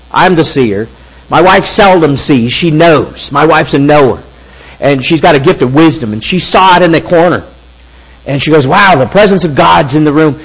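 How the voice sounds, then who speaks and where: A middle-aged man delivers a storytelling sermon in a high, light voice. He is animated and halting, often breaking off and restarting his sentences as he speaks to the congregation. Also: low-quality recording. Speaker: preacher.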